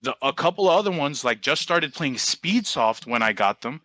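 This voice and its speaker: Guest spot: young New man, bright voice, dry close sound, loose storyteller who swears casually. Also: medium pitch, lively intonation, normal speed, no echo, poor audio. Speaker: podcast guest, team coach.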